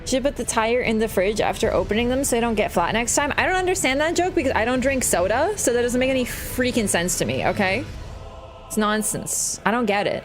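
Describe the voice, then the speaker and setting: A woman's voice: on the high side, expressive, brisk, faint music behind. A woman livestreaming a game, chatting casually to her viewers in a rambling, joking way that is full of swearing. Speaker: gaming livestreamer. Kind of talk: casual stream chat.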